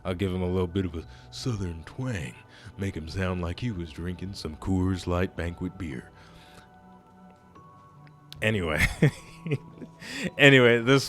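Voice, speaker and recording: A man with a naturally deep voice hosting a gaming channel, giving chatty, rambling commentary as he plays. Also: measured pace, soft background music. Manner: chatty, rambling, self-correcting. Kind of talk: let's play commentary.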